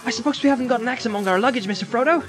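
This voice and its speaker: A man's voice: very high-pitched, rapid-fire, over music, pitched above the performer's own voice. A man voicing a loyal, stout-hearted young male hobbit servant in an audiobook, with plain, homely country speech. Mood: eager. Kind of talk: audiobook character voice.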